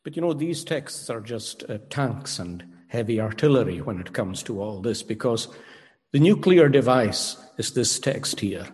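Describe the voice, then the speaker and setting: A man preaching a sermon, emphatic and rhetorical, pausing dramatically and questioning his listeners. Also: medium pitch, expressive, a little mellow. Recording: long hall reverb.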